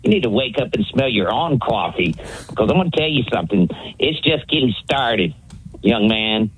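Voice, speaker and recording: A man's voice: medium pitch, sing-song, moderate pace, a bit bright, a little hiss or hum, rough recording. A man calling in to a sports radio show, ranting and taunting in a bombastic way. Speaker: caller. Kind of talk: call-in radio rant.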